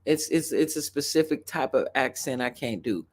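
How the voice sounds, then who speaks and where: A woman's voice: a bass voice, moderate pace, a little mellow. A woman from Chicago with a suburban Chicago accent, hosting a rambling, chatty reaction video and talking straight to her viewers. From Chicago, USA. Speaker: host. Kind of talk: casual reaction commentary.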